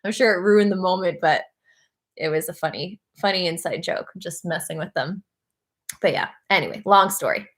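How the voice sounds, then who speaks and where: A woman's voice: lowish voice, moderate pace. A woman hosting a casual birthday livestream, chatty and giggly, telling stories with plenty of fillers.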